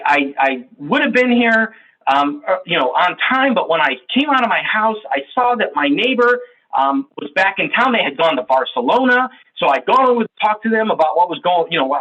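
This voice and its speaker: A chatty, easily distracted latecomer, played by a man who rambles apologetically in a lively, raised voice. The tone is bright with a husky edge. The recording is dull and lo-fi. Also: high-pitched, normal speed, exaggerated voice. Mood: rambling.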